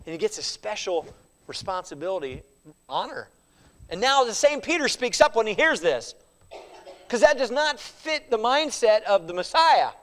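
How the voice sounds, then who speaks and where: A man teaching a Sunday school Bible study as pastor, acting out quoted lines with lively feeling and at times dropping to a quiet, confessional tone. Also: high voice, moderate pace. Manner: animated, acts out quoted speech.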